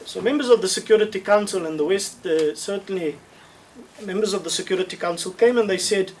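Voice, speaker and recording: A man answers questions in an online webinar, speaking in a measured, thoughtful way with restarts and emphatic repetition, over a video call. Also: sits high, distant mic, low-quality recording. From South Africa.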